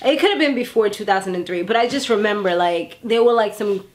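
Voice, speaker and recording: A woman in her thirties casually recapping a TV episode in a chatty, animated way, acting out characters' lines as she goes. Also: medium pitch, brisk. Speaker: TV recap vlogger. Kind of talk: casual chat.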